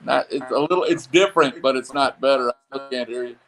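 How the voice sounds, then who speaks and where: A man's voice: mid-range voice, fast, fairly bright tone, faint music behind. An easygoing, encouraging man chatting casually on a livestream, talking into a phone. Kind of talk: casual chat.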